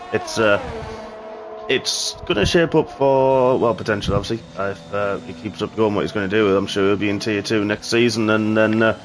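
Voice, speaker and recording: A man doing live sim racing commentary as the host, upbeat and joking with his co-hosts. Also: lowish voice. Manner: upbeat, jokey banter with co-hosts. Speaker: esports race commentator.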